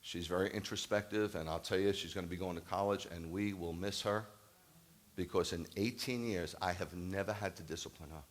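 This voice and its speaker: Deep-voiced older man preaching a sermon. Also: brisk. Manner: animated storytelling, swings from loud laughing bursts to quiet reflection. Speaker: rabbi preaching.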